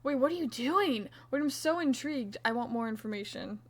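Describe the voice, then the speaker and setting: This young woman's voice is on the high side, animated and fairly quick. She's crocheting on a casual live stream, bantering playfully with her audience, reading the chat out loud, and murmuring stitch counts to herself.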